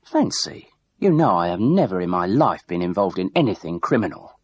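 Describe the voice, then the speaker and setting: A man voicing a composed older widowed woman who speaks in a measured, polite and quietly firm way. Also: on the low side, expressive, husky, no room sound, highs cut off, voice pushed up. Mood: offended.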